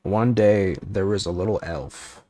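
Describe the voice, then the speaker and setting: A man's voice: low voice, measured pace, mellow, dry recording. A man streaming as a VTuber, chatting playfully with viewers and making up a rambling silly story. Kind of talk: casual livestream chat and improvised bedtime story.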